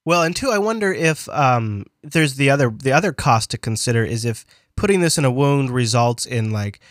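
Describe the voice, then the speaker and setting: A science podcast host with a medium-pitched, expressive voice talks at a moderate pace in clean studio sound with no echo. He's rambling and playful, correcting himself and tossing in asides, while a cold strains his voice and he's losing it.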